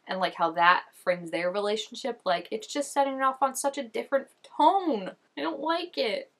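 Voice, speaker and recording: A young woman reacting on camera talks fairly quickly with hardly any pauses, her medium-pitched voice expressive and fairly bright. She's a chatty reaction vlogger, saying "like" constantly and gasping and exclaiming as she watches.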